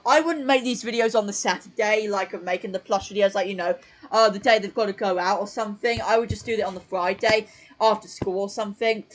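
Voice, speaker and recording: This channel host streams casual commentary from home through his desk mic, rambling with many fillers and self-corrections. His voice is high-pitched, brisk, and fairly bright, and the recording is rough.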